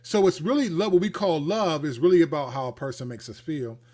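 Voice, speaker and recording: Animated man with a higher voice. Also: a little fast. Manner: animated and conversational, acting out quoted speakers. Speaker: host, Christian counselor. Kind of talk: livestreamed Christian teaching monologue.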